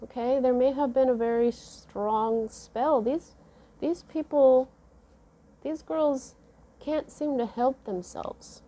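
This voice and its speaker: A woman giving a casual tarot reading, musing slowly with many fillers and restarts. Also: high-pitched, dark tone. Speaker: tarot reader.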